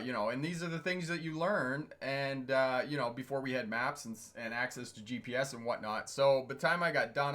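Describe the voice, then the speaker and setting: Middle-aged guy doing a chatty livestream, bright voice, rambles through old stories, laughs a lot. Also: mid-range voice. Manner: chatty and digressive, chuckles often. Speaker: truck driving instructor and channel host. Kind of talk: casual livestream storytelling, reading chat comments.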